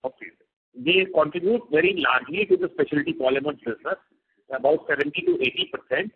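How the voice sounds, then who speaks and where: A company executive answering analyst questions on an earnings call in a measured, reassuring way. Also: male voice, fairly high pitch, expressive. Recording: tinny phone line.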